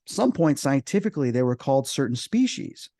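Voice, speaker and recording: Animated man telling ghost stories. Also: medium pitch, fairly quick, dry recording, clean studio sound. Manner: animated, acts out quoted voices. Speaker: paranormal investigator guest. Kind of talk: casual storytelling.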